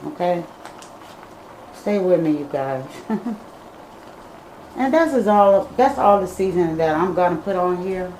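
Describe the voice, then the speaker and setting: Woman cooking host, folksy and slow-spoken, talks straight to her viewers; roomy home kitchen. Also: lowish voice, darkish tone, slight background noise. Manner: chatty, addresses viewers as y'all and you guys. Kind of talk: casual cooking vlog talk.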